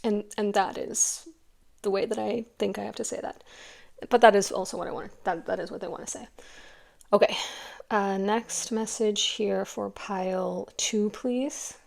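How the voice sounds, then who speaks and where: A woman's voice: mid-range voice, fairly even intonation, a little slow, gravelly. A middle-aged woman giving a pick-a-card tarot reading in a chatty, emotional, rambling way.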